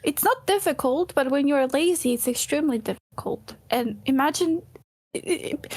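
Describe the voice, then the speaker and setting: A woman's voice: sits high, normal speed, darkish tone, no room sound. A woman co-hosting a casual reaction chat, teasing and mocking with a giggle. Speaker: co-host.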